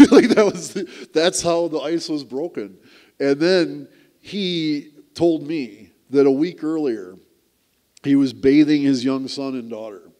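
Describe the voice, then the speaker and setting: A man's voice: on the high side, takes it slowly, a little mellow. Candid middle-aged man telling his story. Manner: candid, self-deprecating, restarts often. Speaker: speaker at a community event. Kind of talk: personal storytelling to a live audience. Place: theater stage.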